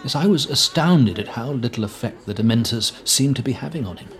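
An actor playing a fussy, self-important middle-aged government minister recounting events earnestly. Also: male voice, mid-range voice, expressive, a little fast, a faint crowd, natural voice. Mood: explaining.

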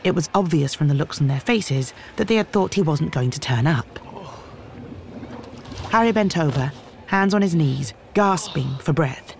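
A man giving a measured, expressive scripted audiobook narration. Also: fairly high pitch, creaky, a little hiss or hum.

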